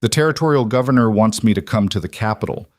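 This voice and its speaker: A man's voice: on the low side, fast talker, no room sound, studio quality, lightly acted. A man playing Elias, a weary but devoted former lawman and husband in a western storybook, speaking steadily and solemnly. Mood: steady.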